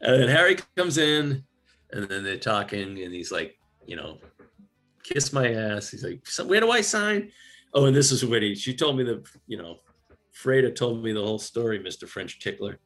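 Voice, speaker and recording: A man's voice: lowish voice, moderate pace. A man hosting a casual chat, recapping film scenes with laughter and quoted lines. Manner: animated, laughing, acts out quotes.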